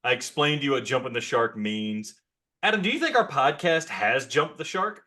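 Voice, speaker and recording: A man's voice: mid-range voice, lively intonation, moderate pace, pushed and bright. A man hosting a casual podcast over a call, opening with playful hype and teasing his co-host. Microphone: remote call mic.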